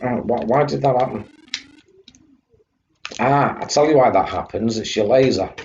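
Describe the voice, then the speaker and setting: A man's voice: mid-range voice, moderate pace, a little mellow. A man live-streaming retro computer games, chatting to viewers and fighting off a coughing fit. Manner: chatty, greets chat viewers by name. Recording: dull lo-fi stream audio with faint hum.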